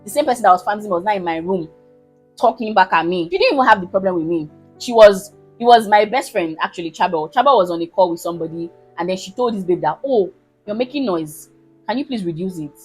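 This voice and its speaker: A woman in her twenties with a Nigerian accent, telling a personal story to her viewers in a casual, animated, emphatic way. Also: medium pitch, fast talker, slightly rough, soft background music, poor audio. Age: 20s. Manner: animated, emphatic, keeps asking listeners if they understand. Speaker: vlogger.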